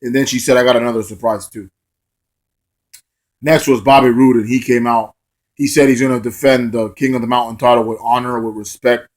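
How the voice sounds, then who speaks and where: A man's voice: medium pitch, level tone, brisk, a little mellow. A man giving a casual, rambling spoken recap of a wrestling show, with lots of fillers. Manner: loose and rambling, full of fillers.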